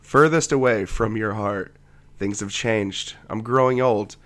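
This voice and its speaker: A laid-back man co-hosting a comedic podcast, dry and wry as he talks. His voice sits on the low side, and he is getting over a cough. He reads aloud in the same easy tone. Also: unhurried, a bit bright. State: has a lingering cough. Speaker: podcast co-host. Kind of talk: casual comedic chat and reading a poem aloud.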